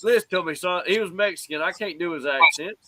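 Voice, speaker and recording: A man hosting a casual sports talk show, animated and preachy, calling on his co-hosts. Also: high-pitched, fast, low-quality recording. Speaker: host.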